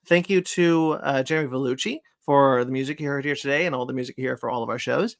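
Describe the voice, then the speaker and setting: A man's voice: mid-range voice, fast, gravelly. A man in a casual podcast chat, hosting and rambling through his sign-off with many fillers. His voice sits mid-range and sounds close and dry, with no room echo. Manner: rambling, lots of fillers while reading out plugs. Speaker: podcast host.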